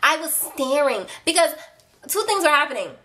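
A young adult woman recounts a story for her vlog in a chatty, animated way, addressing viewers directly. Her voice sits high and sounds bright and sharp. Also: normal speed. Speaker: vlogger. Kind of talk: casual storytime chat to camera.

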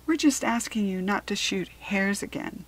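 A woman reading the part of a kind, sensible village woman in a children's storybook, warm and assured. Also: mid-range voice, normal speed, pitched above the performer's own voice, lightly acted. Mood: kindly.

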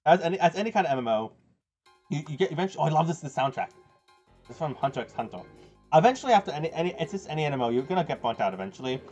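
Excitable young man streaming games. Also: fairly high pitch, very fast. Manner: rambling, excitable, laughs often, talks to chat. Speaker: game streamer. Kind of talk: casual live-stream chat. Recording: dull lo-fi stream audio with game music. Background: game music.

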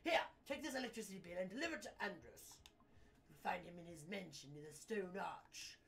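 A woman's voice: fairly low pitch, animated, a little fast, gravelly, a bit bright, pitched below the performer's own voice. Brief: a woman doing a haughty posh British tycoon in a game, scornful and clipped, slightly distant mic. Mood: haughty scolding. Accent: posh British, put on. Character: pompous posh old businessman, impatient, scornful.

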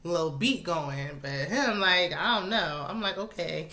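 A woman's voice: on the low side, lively intonation, measured pace, sharp tone. A young woman hosting a casual reality show recap, chatty and opinionated, often laughing.

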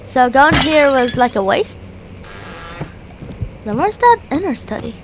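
A woman's voice: high voice, very animated, unhurried, noisy background. A woman giving playful, jokey let's play commentary, talking to the objects in the game. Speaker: gamer.

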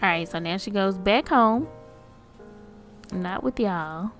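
A woman's voice: medium pitch, takes it slowly, fairly bright tone, faint music behind. A woman casually narrating a life-sim game, chatty and amused, talking to the characters on screen. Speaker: game streamer.

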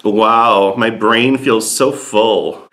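Brief: male comedian, sassy and campy, blunt delivery, bright and forceful tone. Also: on the low side, steady tone, extremely slow. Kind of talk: comedic monologue.

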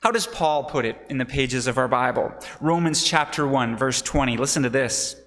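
A man's voice: medium pitch, moderate pace, a bit bright. A man preaching a sermon to his congregation, teaching as he goes and putting questions to the listeners. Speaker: pastor. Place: church sanctuary. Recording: long church reverb.

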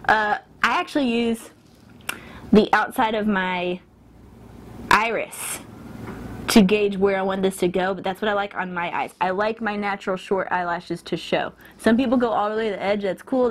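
A woman's voice: medium pitch, normal speed. A woman chatting casually through a self-filmed lash tutorial, stopping herself mid-sentence and laughing at her own slips while she works. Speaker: beauty vlogger. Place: indoors at a mirror.

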